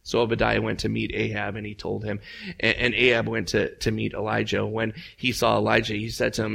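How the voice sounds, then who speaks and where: A pastor giving a sermon, telling a story with lively acted-out voices that leap up in pitch. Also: male voice, a little fast, creaky, slightly rough. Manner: animated storytelling, acts out voices with big jumps up.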